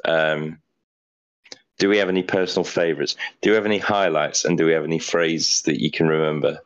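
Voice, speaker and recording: A man's voice: very deep voice, fairly even intonation, fairly quick, highs cut off. A man in his twenties co-hosting a podcast in casual chat, rambling and repeating words as he thinks. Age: 20s. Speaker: podcast co-host.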